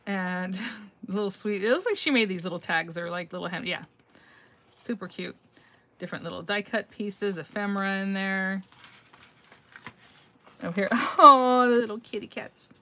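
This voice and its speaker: A woman's voice: medium pitch, moderate pace, pauses often, pushed and bright. A middle-aged woman hosting a casual live craft-mail reveal on her phone, chatty and gushing, thinking aloud and laughing often as she answers viewer comments.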